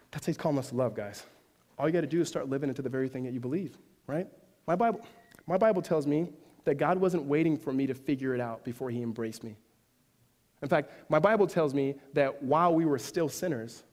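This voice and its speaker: A fairly high-voiced man delivers a conversational sermon, often surging into loud, emphatic bursts. His words ring with the long echo of a large hall. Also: brisk. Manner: animated, conversational preaching with rising, emphatic peaks and laughter. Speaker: pastor. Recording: hall reverb.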